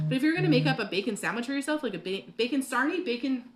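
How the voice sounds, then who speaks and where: A woman's voice: high voice, lively intonation, rapid-fire, hardly any pauses, noisy background. A woman hosting a live cooking class from her home kitchen, chatting and rambling with lots of fillers and laughs. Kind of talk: live cooking demo chat.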